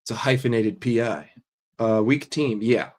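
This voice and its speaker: A man's voice: mid-range voice, moderate pace, a little mellow. Blunt, profane man ranting on a livestream. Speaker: livestream host reading chat. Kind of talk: casual livestream fan rant.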